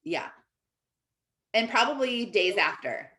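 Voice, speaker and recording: A woman coach speaks to her team in a loose, chatty way, sprinkling "like" through her sentences. Her voice sits at a middle pitch. The room around her is echoey. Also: very animated, takes it slowly, pushed and bright. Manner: chatty, fills with "like". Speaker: Christian life coach. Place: office.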